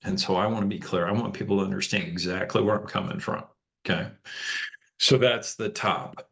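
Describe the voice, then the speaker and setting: A man's voice: deep voice, fairly even intonation, brisk, creaky, a bit bright. A man facilitating an online leadership training over a video call, talking conversationally and checking in with the group often. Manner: conversational, checks in with frequent "okay?". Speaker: workshop facilitator.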